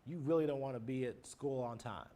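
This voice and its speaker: A married adult man teaches a class in a recorded lecture on nonverbal communication, going through terms one by one with everyday examples in a plain manner. His mid-range voice is warm and fairly quick.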